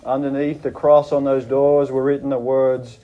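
A man's voice: level tone, normal speed, phone-quality sound. A man preaching a sermon, earnestly retelling a story with dramatic drops and rises in his voice. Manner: earnest, dramatic retelling, voice dropping low and rising in quoted prayers. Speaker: pastor.

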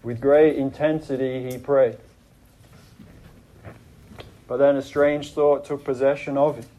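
The sermon features a man retelling a story with dramatic dips and rises, especially going low and then climbing in the prayers he quotes. His mellow voice shows little pitch movement at a moderate pace, and the sound is poor.

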